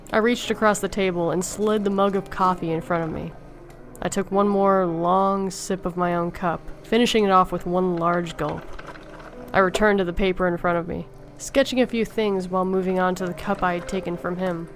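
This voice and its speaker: Low, calm woman reading a horror story. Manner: calm, tired deadpan. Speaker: story narrator.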